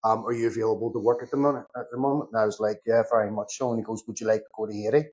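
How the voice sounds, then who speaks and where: A man's voice: fairly low pitch, racing. A middle-aged man with a Belfast accent tells his stories in loose, casual podcast chat. He acts out both voices in each exchange he recalls and swears without much thought. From Northern Ireland. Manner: animated anecdotes, acts out both sides of conversations, swears casually. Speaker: podcast guest, security consultant.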